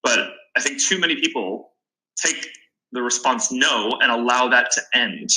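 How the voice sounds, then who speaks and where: Young guy on a podcast, super bright tense voice, earnest advice, keeps restarting sentences. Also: medium pitch, unhurried, low-quality recording. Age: 20s. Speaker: podcast guest, startup founder. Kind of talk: casual interview talk.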